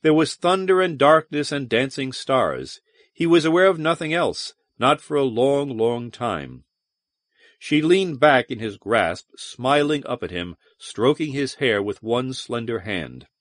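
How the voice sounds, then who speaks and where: Expressive male audiobook narrator. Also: medium pitch, a little slow, dry recording, clean studio sound. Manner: expressive, dramatic storytelling. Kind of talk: scripted narration.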